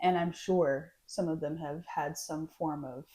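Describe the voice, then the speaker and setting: A woman's voice: low voice, fairly even intonation, a little slow, mellow. A young woman, a teacher co-hosting a podcast, chatting playfully and stumbling over her words. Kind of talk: casual chat.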